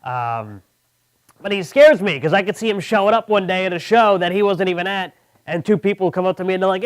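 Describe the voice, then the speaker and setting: Young new guy doing standup, kinda high voice, smooth, deadpan jokes. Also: a little fast. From Long Island, New York. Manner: deadpan, mocking voices of others. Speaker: stand-up comedian. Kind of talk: stand-up comedy set. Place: comedy club.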